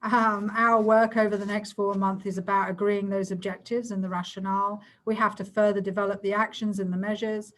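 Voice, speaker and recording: A woman presenting a community safety plan to a council over a video call, talking quickly and explaining to fit her time. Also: medium pitch, little pitch movement, fairly bright tone, poor audio.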